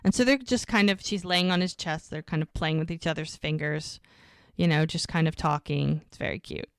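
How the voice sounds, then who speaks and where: Chatty low-voiced woman, dry sound. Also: a little fast, clear, resonant tone, no room sound. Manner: chatty, retelling scenes with lots of "like" and "she goes". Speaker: podcast co-host. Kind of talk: casual recap of a TV episode.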